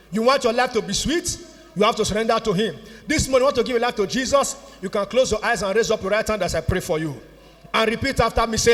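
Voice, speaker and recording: A Nigerian man preaching a sermon as pastor, exuberant, often laughing and shouting. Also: sits high, big-room sound. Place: church.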